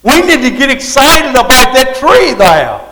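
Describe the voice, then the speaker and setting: A man's voice: very high voice, big pitch swings, measured pace, noisy background. A man preaching a rambling sermon, his voice swelling and dropping as he repeats himself. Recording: reverberant hall.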